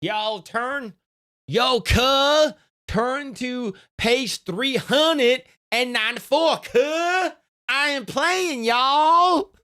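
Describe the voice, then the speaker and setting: A man's voice: very high voice, very slow, pitched above the performer's own voice, full character voice. A man voicing a swaggering, street-tough male wizard teacher who barks orders at his class. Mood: bossy. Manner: shouty, bossy, threatening.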